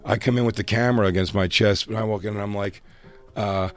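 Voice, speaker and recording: A man's voice: lowish voice, fast, soft background music. A man telling a funny story in casual podcast chat, acting out the other people's voices. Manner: animated, acts out voices in his stories. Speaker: podcast co-host.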